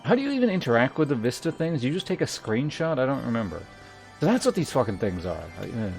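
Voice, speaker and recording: A man talks through his game stream in a loose, wandering way, thinking out loud and cursing offhand. His voice sits in a middle pitch with faint music underneath. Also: big pitch swings, fast, creaky. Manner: chatty, muses aloud, swears casually. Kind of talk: casual gaming commentary.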